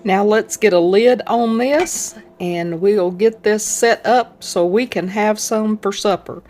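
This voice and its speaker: Slow-talking homey woman cooking host. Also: mid-range voice, darkish tone. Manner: homey, chatty, folksy. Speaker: home cooking channel host. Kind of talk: casual cooking demonstration.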